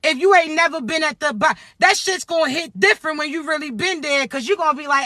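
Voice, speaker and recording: A man, talking loudly and bluntly about spirituality, cussing freely as he preaches. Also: very high-pitched, quick pace, few pauses, no echo. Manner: loud, preachy, streetwise, frequent cursing. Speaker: spiritual vlogger. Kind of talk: casual spiritual talk to camera.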